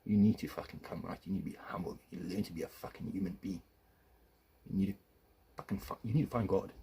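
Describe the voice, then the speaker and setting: A man's voice: sits low, fast, creaky, dark tone, slight background noise. A man, an estranged father, delivering an angry, profane video rant with accusations, swinging between muttered asides and raised confrontation.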